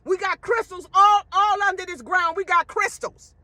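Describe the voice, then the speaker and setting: Brief: outspoken woman ranting straight to camera, bright, high and emphatic. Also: steady tone, moderate pace, no echo. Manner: emphatic, blunt, profane. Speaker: social media commentator. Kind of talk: ranting monologue to viewers.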